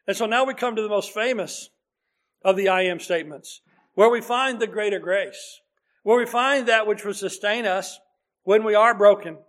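A man's voice: high-pitched, a bit bright. A man preaching a sermon in an earnest, conversational way, reading scripture aloud as he goes.

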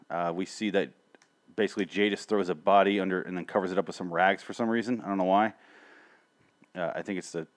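A young adult man hosting a show, recapping episodes in a rambling, sarcastic way with frequent swearing. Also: on the low side. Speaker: show host reviewing TV episodes. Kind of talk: casual profane rambling recap.

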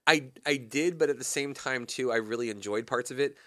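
This fairly quick-talking young adult host chats casually on his radio show, working himself up into rants with rising pitch and volume. The studio recording is clean and dry.

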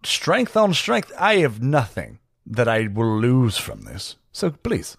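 A man's voice: mid-range voice, huge pitch swings, takes it slowly, vocal fry, husky, dry recording, studio quality, exaggerated voice. A man playing a stiff, formal armored warrior.

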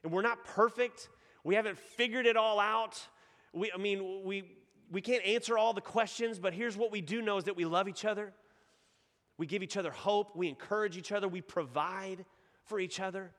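A man's voice: high voice, fairly even intonation, moderate pace, fairly bright tone, big-room sound. A man from East Texas with a Texan accent, preaching a sermon in a casual storytelling way and joking with the congregation. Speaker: pastor.

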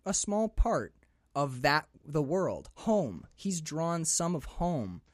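A man talking casually about a movie, animated and swearing freely, often acting out the characters' lines. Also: fairly high pitch, slow, dry recording, studio quality. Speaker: podcast co-host.

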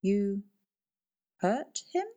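A woman's voice: medium pitch, big pitch swings, very slow, mellow, pitched above the performer's own voice. A woman voicing Moulton, an intense adult man who speaks with urgent emphasis, in an audiobook reading. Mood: incredulous.

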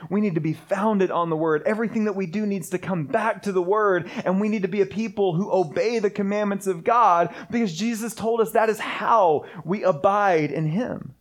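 Male pastor, high voice, earnest sermon delivery with repeated rhythmic phrasing. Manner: earnest, repetitive preaching cadence.

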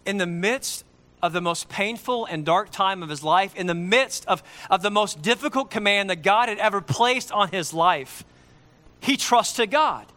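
A man preaching a sermon, emphatic and repeating key lines slowly for effect. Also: high-pitched, expressive, pushed and bright.

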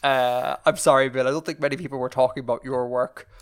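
A man's voice: mid-range voice, fairly even intonation, quick pace, clear, resonant tone. A man with an Irish accent hosting a podcast, rambling through casual chat with lots of fillers and restarts. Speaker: podcast host.

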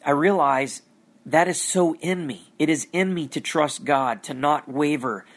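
A man's voice: on the high side, a little slow. A man giving an earnest, reflective talk about his faith, often searching for words and repeating phrases. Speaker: Christian vlogger.

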